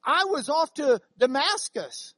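A woman voicing the apostle Paul as a bold, emphatic man, pitched up and louder in a dry classroom recording. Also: sing-song, takes it slowly, no echo, full character voice. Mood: proclaiming. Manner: emphatic, proclaiming, raised and louder.

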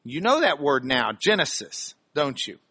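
A man teaching scripture with a high, bright voice. He hits key words with sudden loud emphasis, then drops into chatty asides that check whether listeners are following. His pitch swings widely as he talks. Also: very animated, a little slow, husky, no echo. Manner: dramatic, bursts of loud emphasis. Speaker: Bible teacher. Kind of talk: Bible teaching broadcast on radio.

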